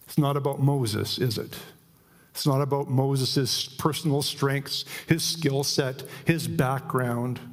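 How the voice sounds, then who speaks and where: A middle-aged man with a medium-pitched voice preaches a sermon in church. He's emphatic and animated, frequently putting questions to the congregation.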